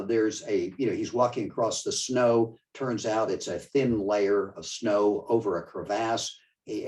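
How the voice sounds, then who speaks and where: An older man giving a conversational, digressive museum talk with slides, often halting mid-sentence. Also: medium pitch, a little mellow, far from the mic, poor audio. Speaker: museum lecturer. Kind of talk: slide-show history talk.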